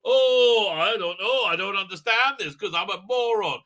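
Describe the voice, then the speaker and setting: A man's voice: high-pitched, normal speed, pushed and bright. Man doing a mock-bewildered woman hero, whiny, parody. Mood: mock-flustered. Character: flustered ditzy woman hero, mocked.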